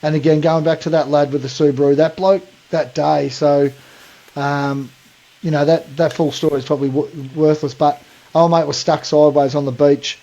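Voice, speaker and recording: A man's voice: fairly high pitch, fairly even intonation, moderate pace, warm tone, highs cut off. An Australian man co-hosting a podcast, talking bluntly in casual chat and calling people mate. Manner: blunt, ranting, says mate a lot. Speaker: podcast co-host.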